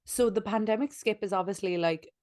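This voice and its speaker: A woman's voice: medium pitch, brisk, a little mellow, dry recording, studio quality. A woman in her late twenties co-hosting a podcast from bed, chatting in a rambling way with lots of "like" and frequent laughs. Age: late 20s. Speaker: podcast co-host. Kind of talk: casual chat.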